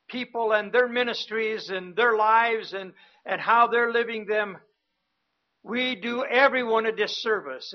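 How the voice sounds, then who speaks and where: Slow, high-voiced male preacher, lo-fi. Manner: slow, emphatic preaching that rises in pitch and volume on repeated words. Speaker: missionary preacher. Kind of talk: sermon. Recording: dull, lo-fi sound.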